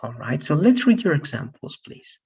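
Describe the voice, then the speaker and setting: A man's voice: a little high, sing-song, normal speed, a little mellow, breathy edge, rough recording. A man teaching an English grammar class online, patiently explaining and checking understanding with his students. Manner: patient, repeats "all right?" to check understanding.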